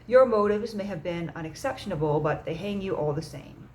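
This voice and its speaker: Woman reading as a calm, composed society leader. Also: fairly low pitch, a little fast, a little hiss or hum, close to an everyday voice, low-quality recording. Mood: calm, measured. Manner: gentle, composed, matter-of-fact. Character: calm, measured man, leader of a secret society. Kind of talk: audiobook reading.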